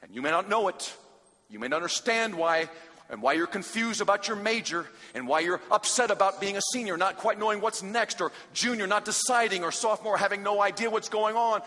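A man preaching a sermon in a large hall, dramatic, swinging from loud urgency to a hushed near-whisper. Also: high-pitched, animated, a little fast. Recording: long hall reverb.

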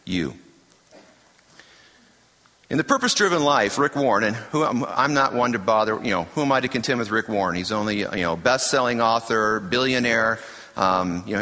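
Guy preaching in a church, bright voice that jumps around a lot, big hall echo. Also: mid-range voice. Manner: animated, emphatic preaching with asides. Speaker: pastor. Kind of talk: sermon. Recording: hall reverb.

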